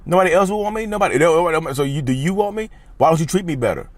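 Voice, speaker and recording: Guy doing a squeaky whiny fed-up partner, pleading and incredulous. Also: animated, racing, no echo, lightly acted. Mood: exasperated. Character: exasperated partner pleading with a toxic lover.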